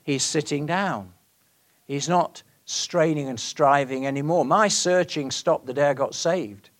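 Earnest older preacher, rising voice. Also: male voice, fairly high pitch, a little slow. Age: 60s. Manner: earnest, swings between loud emphasis and hushed questions. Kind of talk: sermon.

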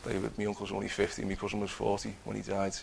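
Guy telling his faith story, earnest, lots of restarts, gravelly, faint room hum behind. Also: lowish voice, completely flat delivery, very fast. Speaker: testifying believer. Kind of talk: personal testimony.

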